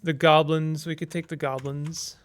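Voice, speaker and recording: A man's voice: fairly high pitch, flat delivery, moderate pace. A man casually commenting as he plays a text-based strategy game, reading its text aloud and thinking through his moves with small hesitations.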